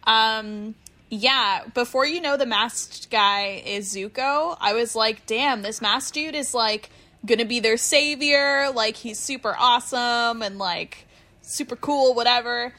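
Bright-voiced woman chatting casually. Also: on the high side, measured pace. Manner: easygoing, uses filler words like "um" and "like". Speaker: podcast co-host. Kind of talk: casual chat.

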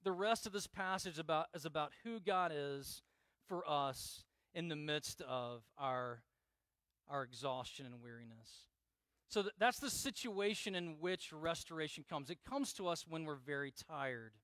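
Middle-aged pastor guy preaching, pretty high voice, keeps repeating lines for emphasis. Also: fairly bright tone, no echo. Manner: earnest, repeats key phrases, acts out prayers in dramatic quoted voices. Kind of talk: sermon.

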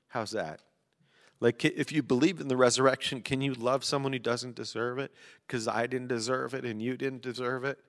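A man's voice: medium pitch, fairly even intonation, normal speed. A man preaching a sermon, chatty and joking at times, then reading poetry with emphasis. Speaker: pastor. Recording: long hall reverb.

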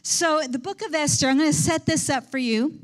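High-voiced woman preaching conversationally. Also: brisk. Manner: conversational, animated storytelling. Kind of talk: sermon.

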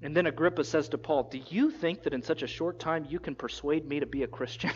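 Animated high-voiced male preacher. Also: brisk, breathy edge, highs cut off. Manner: animated storytelling, acting out quotes in a casual voice. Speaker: pastor. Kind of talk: sermon.

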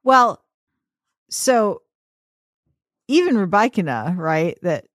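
A woman's voice: mid-range voice, big pitch swings, takes it slowly, no room sound, clean studio sound. A woman hosting a tennis podcast, chatting casually and with strong opinions, often laughing. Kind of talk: casual chat.

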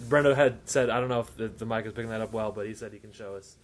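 A man's voice: lowish voice, racing. A man hosting a podcast in casual chat, laughing often and passing on remarks made off mic. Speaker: podcast host.

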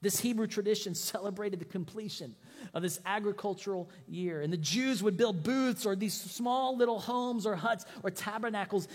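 A man preaching a sermon, animated, his voice rising for emphasis and dropping low at the ends of phrases. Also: moderate pace, long reverb tail. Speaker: pastor.

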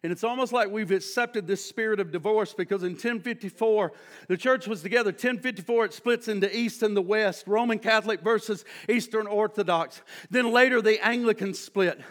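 A man preaching to his congregation in a high, lifted voice. He tells stories in a rambling way, full of restarts, and his tone is bright and sharp-edged. His delivery is impassioned, dropping low and then climbing to shouts. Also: brisk. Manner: impassioned, swings from hushed to shouting; storytelling with restarts and quoted voices. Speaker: pastor. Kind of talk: sermon.

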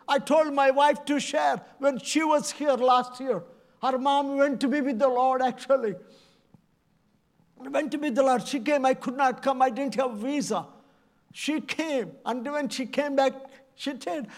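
Middle-aged preacher guy, super high voice, drags it out slow, begging the crowd to wake up. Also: steady tone. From India. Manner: impassioned, pleading, repeats phrases. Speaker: evangelist preacher. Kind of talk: sermon.

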